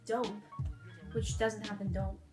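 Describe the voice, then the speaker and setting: A woman vlogger retelling a story in a hyper, fast, playful comedic way. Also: mid-range voice, fairly even intonation. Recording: echoey room with faint music.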